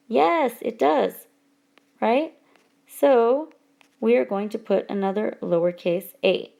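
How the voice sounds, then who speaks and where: A woman teacher talks through a whiteboard lesson at a careful, deliberate pace, drawing out the example words for her students. Her voice sits in a middle pitch with a gravelly, fry-tinged texture. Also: a little mellow. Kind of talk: recorded classroom lesson. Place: voice-over for whiteboard slides.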